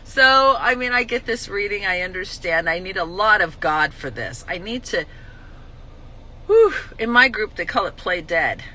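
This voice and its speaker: A woman's voice: mid-range voice, normal speed, poor audio. A middle-aged woman speaking casually in a spoken reflection on recovery, acting out scenes with lots of laughter. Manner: animated, acts out scenes, laughs often. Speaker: recovery vlogger.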